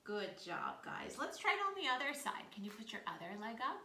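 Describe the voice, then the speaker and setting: A woman's voice: fairly high pitch, sing-song, fairly quick, bright, forceful tone. A woman leading children through a storytime yoga class, cheerful and encouraging as she coaches each pose. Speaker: kids yoga teacher. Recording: roomy sound from a distant mic.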